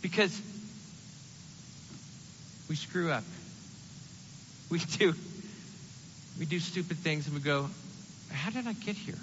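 A man preaching a sermon in an animated, conversational way, acting out the quotes he reads. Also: fairly high pitch, takes it slowly, long pauses, in a large hall, lo-fi sound, slight background noise.

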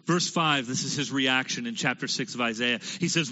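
A male pastor preaching a sermon, driving home points with rhetorical questions and dropping to a hush for emphasis. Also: mid-range voice, normal speed, hardly any pauses. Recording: dull lo-fi sound with long hall reverb.

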